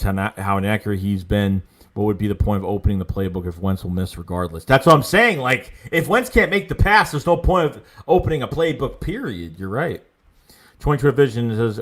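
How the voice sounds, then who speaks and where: Excitable man hosting a sports livestream. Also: lowish voice. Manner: excitable, emphatic, quick reactions to chat. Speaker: livestream host. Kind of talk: casual sports livestream, reading viewer chat.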